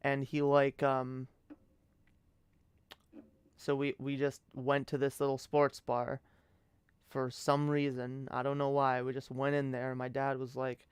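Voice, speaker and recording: A man's voice: medium pitch, monotone, measured pace, pauses often, clear, resonant tone, no room sound. A young man streaming late at night, telling a story in a casual, rambling way, swearing often and restarting his sentences. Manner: rambling, profane, many restarts.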